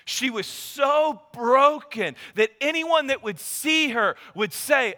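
High-voiced, intense male preacher. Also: animated, slow pace, hardly any pauses, big-room sound. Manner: intense, drops to a hush at heavy moments. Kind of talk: sermon.

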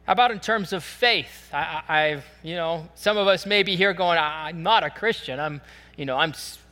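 Male pastor, chatty sermon delivery full of "uh"s, higher pitch, reverberant church hall. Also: normal speed, sharp tone. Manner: conversational storytelling with frequent fillers.

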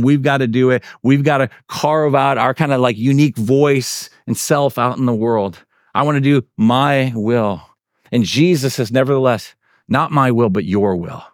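A man preaching a sermon to a congregation in a relaxed, conversational way, often filling with "like" and "right". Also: mid-range voice, no room sound, clean studio sound. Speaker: pastor.

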